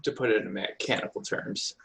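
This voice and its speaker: Even-toned man running a tabletop game. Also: on the low side, fairly quick, vocal fry. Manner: explains rules patiently. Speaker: game master.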